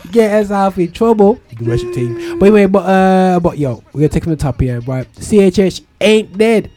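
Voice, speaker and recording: A man's voice: high voice, animated, a little fast, over music. A man hosting a radio show in casual chat, playful and rambling, full of slang and restarts.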